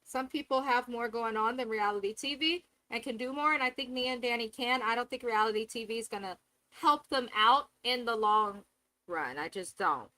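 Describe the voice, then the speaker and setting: A woman with a fairly high, pushed, bright voice hosts a live reality TV recap at a moderate pace, speaking candidly with profanity and acting out the cast members' lines. It's casual live review commentary, captured in a dry, low-quality recording.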